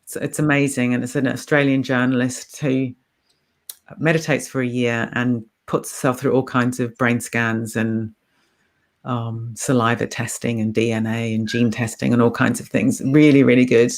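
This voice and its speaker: A middle-aged woman with an anglicized New Zealand accent, a meditation teacher talking calmly and encouragingly as a guest in a casual interview. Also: very deep voice, moderate pace.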